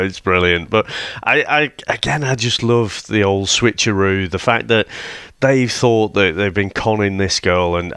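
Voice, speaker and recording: A man's voice: low-pitched, clear, resonant tone, dry recording. A man co-hosting a casual film review podcast, talking enthusiastically and chuckling as he recounts scenes. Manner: enthusiastic, chuckling, relaxed storytelling. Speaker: podcast co-host.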